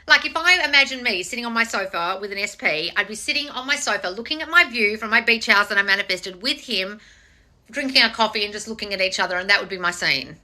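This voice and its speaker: A woman's voice: mid-range voice, quick pace. A woman hosting a live stream as a manifestation coach, answering viewer comments bluntly with lots of swearing and mocking impressions. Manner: blunt and sweary, with frequent mocking put-on voices; animated, teasing, talks straight to viewers.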